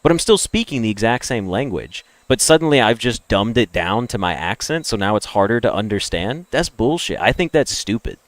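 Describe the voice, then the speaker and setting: A man with a General American accent from the Deep South, streaming and ranting bluntly, swearing freely. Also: sing-song, a little fast, hardly any pauses, no echo. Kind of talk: casual livestream rant.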